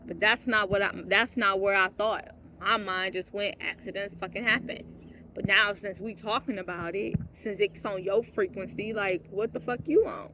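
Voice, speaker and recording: A woman speaking at an ordinary middle pitch, talking straight to the camera in a candid, profane storytelling monologue. She drops into quiet, muttered asides, then rises into indignant, louder bursts. A faint hiss of background noise sits under her voice. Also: steady tone, normal speed. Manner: blunt and profane, swinging between hushed asides and heated outbursts; laughs mid-sentence. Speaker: vlogger.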